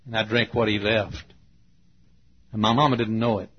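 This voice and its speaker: Husky folksy preacher man. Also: on the low side, flat delivery, normal speed, dull audio. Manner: folksy, swings from hushed to loud. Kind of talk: storytelling sermon.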